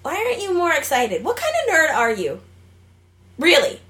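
A young woman co-hosts a casual gaming and gadget podcast, chatting in a bubbly, joking way and rambling with fillers. Her voice sits a little high. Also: huge pitch swings, normal speed, a bit bright. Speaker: podcast co-host.

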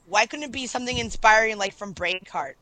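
A woman's voice: on the high side, fast talker, bright, forceful tone, no echo. A woman co-hosting a casual chat, chiming in with teasing, crude remarks.

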